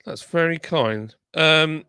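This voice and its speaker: On his live stream, a host with a sore tongue chats easily and reads viewer comments aloud in a voice on the high side, slow, pushed and bright. The tone is clean, with clean studio sound and no room sound.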